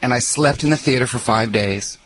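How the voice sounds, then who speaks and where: A man's voice: medium pitch, a little fast, low-quality recording. A man as a celebrity guest, bantering theatrically with squealing exclamations, from New Orleans. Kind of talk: playful radio banter. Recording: radio studio broadcast.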